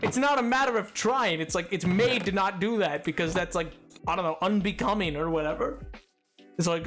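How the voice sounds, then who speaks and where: A streamer in casual gaming livestream chat, playful and excitable, joking and reading out chat messages. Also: mid-range voice, fairly quick, faint music behind.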